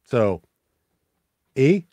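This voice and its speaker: A man moderating a casual podcast debate, halting with many fillers. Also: mellow, dry recording.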